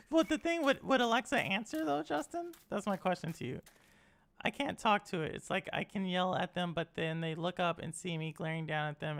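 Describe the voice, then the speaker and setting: Woman game streamer, rambling chatty talk full of "like", lively pitch, gravelly edge. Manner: chatty, rambling, lots of "like", teasing chat. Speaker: gaming streamer. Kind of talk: casual gameplay chat.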